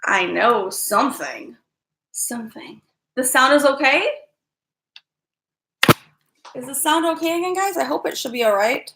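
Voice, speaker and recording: Woman chatting on her home live stream, kinda high bright voice, echoey room. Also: lively intonation, moderate pace, vocal fry, pauses often, background noise. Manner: chatty, apologetic, addresses viewers as guys. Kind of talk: casual live stream chat.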